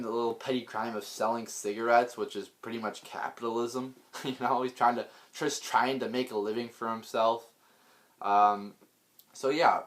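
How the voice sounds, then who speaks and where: A political vlogger with a mid-range, slightly bright voice launches into an unscripted rant. He's blunt and profane, rambling along with lots of restarts and repeated words.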